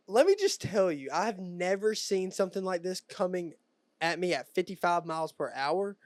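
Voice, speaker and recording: A young man co-hosting a podcast, casual chat, animated storytelling with frequent laughs. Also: sits high, moderate pace, pauses often, no echo, clean studio sound. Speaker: podcast co-host.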